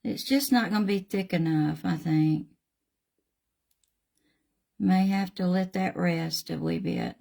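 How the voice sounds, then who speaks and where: A woman's voice: fairly low pitch, slow, gravelly, long pauses, warm tone. A middle-aged woman with a Southern US accent, hosting a live craft tutorial and chatting in a folksy way with viewers while she paints. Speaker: craft channel host.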